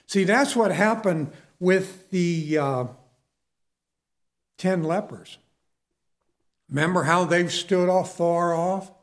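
A man's voice: sits high, slow, long pauses. A man preaching a sermon in an earnest, emphatic way, often addressing his listeners as folks.

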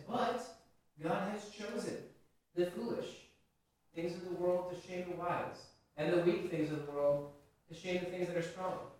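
A man's voice: a little high, darkish tone. A male pastor preaching a sermon in a conversational way, asking the congregation questions. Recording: very echoey hall, voice from a distance.

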